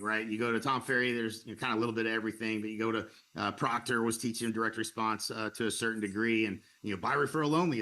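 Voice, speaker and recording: A middle-aged man giving a persuasive sales webinar to real estate agents, energetic and full of fillers and restarts. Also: medium pitch.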